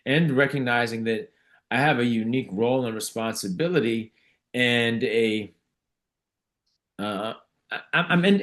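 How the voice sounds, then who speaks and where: Reflective, somewhat low-voiced man. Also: a bit bright. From United States. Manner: reflective, with frequent restarts. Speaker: guest author and physician. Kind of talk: conversational storytelling in an interview.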